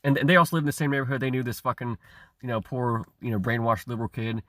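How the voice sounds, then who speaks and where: A man's voice: medium pitch, steady tone, fast, fairly bright tone, no room sound. A man delivering a rambling, profane rant, stammering and repeating himself, with chuckles between phrases. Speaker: online commentator. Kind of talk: ranting monologue.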